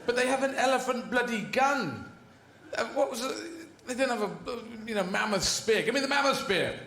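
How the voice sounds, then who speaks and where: A man's voice: extremely high pitch, animated, normal speed, pushed and bright, slight background noise. Rambling, swearing male stand-up comic. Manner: rambling, swearing, tangent-chasing. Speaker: stand-up comedian. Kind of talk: stand-up comedy routine. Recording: echoey venue with faint ambience.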